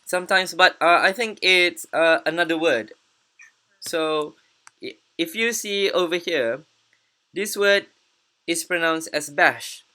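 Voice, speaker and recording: A woman teaching English pronunciation in an online class, patient and encouraging, repeating words slowly. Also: lowish voice, pushed and bright.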